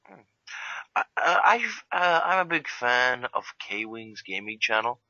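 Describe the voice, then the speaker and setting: Very bright-voiced excitable man. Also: medium pitch, a little slow, dry recording, dull audio. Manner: excitable, acts out quotes in a raised voice. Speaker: co-host of a game review discussion. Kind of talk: casual chat.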